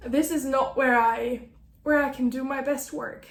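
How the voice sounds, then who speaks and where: A woman in her late thirties, an author giving a candid personal update to camera, halting and apologetic, often breaking off mid-sentence and laughing through tears. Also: sits high, steady tone, echoey room. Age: late 30s. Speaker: author vlogger. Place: at her desk, in a roomy room.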